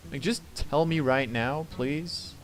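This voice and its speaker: Slow and slightly high-voiced, a man offers laid-back commentary on a card game he's playing, with game music behind him. He mulls his moves aloud and grumbles and swears whenever things turn against him.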